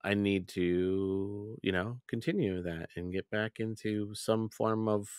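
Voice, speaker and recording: A man's voice: on the low side, steady tone, slow, clear, resonant tone, no echo, studio quality. A man hosting a gaming podcast, chatting casually and running an upbeat sign-off with fillers. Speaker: podcast host.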